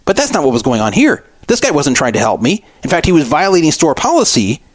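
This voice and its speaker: A man's voice: on the high side, wildly swooping pitch, fast, dry recording. A middle-aged man hosting a radio show, recounting a frustrating store encounter in an aggrieved storytelling monologue. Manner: aggrieved, re-enacting arguments.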